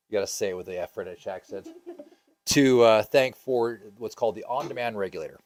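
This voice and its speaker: A man's voice: lowish voice, moderate pace. A man teaching a scuba diving class, casual and upbeat, with many ums and uhs, asking the class questions.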